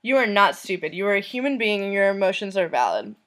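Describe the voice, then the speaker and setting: A woman vlogger reading messages aloud, in a soft, unhurried voice that trails off at the end of lines. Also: mid-range voice, big pitch swings.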